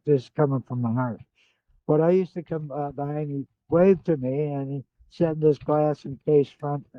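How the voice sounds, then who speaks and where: An older man telling animated stories in a casual chat, often quoting other people as he goes. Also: mid-range voice, no room sound. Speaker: guest. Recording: dull lo-fi sound.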